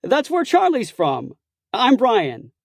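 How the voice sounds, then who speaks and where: A man reading an audiobook, voicing a loud, friendly, heavily tattooed young man who bellows and teases. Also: high voice, big pitch swings, normal speed, dry recording, studio quality, pitched above the performer's own voice. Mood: excited. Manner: bellowing, teasing, hearty.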